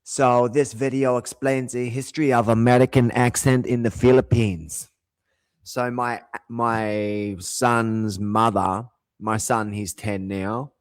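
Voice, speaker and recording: A man's voice: mid-range voice, fairly even intonation, takes it slowly, smooth, dry recording. A middle-aged man, talking to camera in a rambling, digressive monologue full of asides. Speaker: vlogger.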